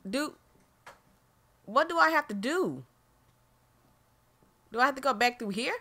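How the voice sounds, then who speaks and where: Jumpy woman gamer with a bright voice. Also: high voice, lively intonation, measured pace. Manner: jumpy, exclaiming, talks straight to viewers. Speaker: gaming channel host. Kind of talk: horror game let's play commentary. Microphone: desk microphone.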